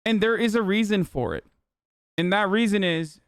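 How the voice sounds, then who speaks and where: Casting: brash young male streamer, slightly high voice, smooth and dry. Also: no room sound. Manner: profane, blunt and fast-talking. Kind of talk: live stream commentary.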